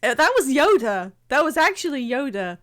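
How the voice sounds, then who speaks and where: A woman's voice: high-pitched, sing-song, normal speed, a bit bright, slight background noise. A woman streaming a game live, chatting casually with viewers, laughing often and poking fun at herself. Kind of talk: casual livestream chat.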